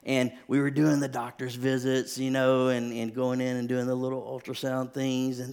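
A man in his thirties, a pastor, telling a personal story in a sermon, shifting from hushed, quiet stretches to rising, impassioned preaching. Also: medium pitch, fairly even intonation, normal speed, few pauses, smooth.

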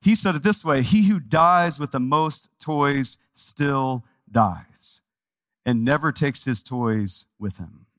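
In a church sanctuary, a Texan pastor delivers a sermon in a conversational, animated style, tossing asides to the congregation. His voice is medium-pitched and unhurried, and the recording is dry.

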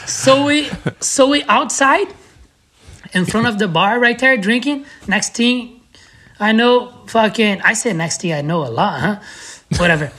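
A young man with a Brazilian accent, a native Portuguese speaker, chats as a podcast guest. His voice is bright and forward. He tells stories with lively energy and acts out what his friends said. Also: high-pitched, unhurried. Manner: animated, acts out friends' lines, laughs often. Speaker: guest, pro skateboarder. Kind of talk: casual podcast storytelling.

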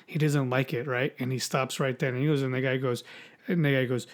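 A man's voice: mid-range voice, flat delivery, a little fast. A man co-hosting a podcast, chatting casually about politics in a rambling, mocking way, repeating words and swearing. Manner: profane, mocking. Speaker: podcast co-host.

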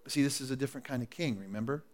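A man preaching a sermon to his congregation, dropping to a hush and then rising to loud, emphatic appeals. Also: medium pitch, racing. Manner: swings from hushed and intimate to loud and emphatic, coaxing the congregation. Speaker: pastor. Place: church service before a congregation. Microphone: live sermon recording.

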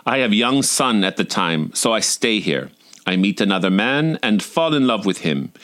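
A stern waitress in her sixties with a Russian accent, as a man puts her on. She speaks in clipped broken English with a flat, stony manner. The voice is bright and forceful, and its pitch swings widely. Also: normal speed. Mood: confiding. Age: 60s. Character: stern older Russian woman waitress, blunt.

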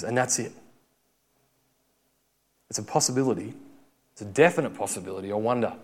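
A young man preaching a sermon, telling a story in a conversational way and acting out the quotes. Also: mid-range voice.

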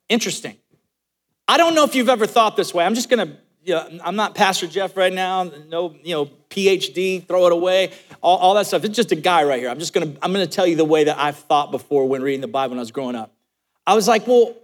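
A man preaching a sermon as pastor, telling a joking story with lively asides. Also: high voice, moderate pace. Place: church sanctuary. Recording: long hall reverb.

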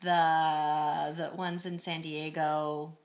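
A woman's voice: low voice, level tone, drawn-out words, a crowd in the background. A woman co-hosting a podcast, chatting casually in a playful, teasing way and laughing often. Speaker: podcast co-host. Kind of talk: casual chat.

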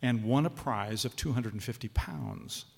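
A man giving a halting spoken introduction at a live reading, full of fillers. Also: lowish voice, sing-song, creaky, darkish tone, husky. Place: stage of a hall. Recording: long hall reverb, live stage.

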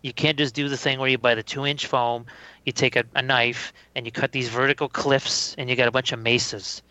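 Bright, dry-sounding man in casual chat. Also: mid-range voice, a little fast, no room sound, rough recording. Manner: relaxed, practical storytelling about building things. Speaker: podcast co-host.

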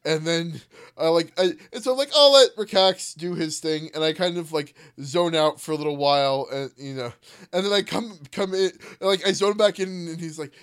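A man tabletop player in casual chat, telling stories in a rambling, animated way and swearing casually. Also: on the high side, a little fast, clear, resonant tone. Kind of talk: casual podcast chat about a tabletop campaign.

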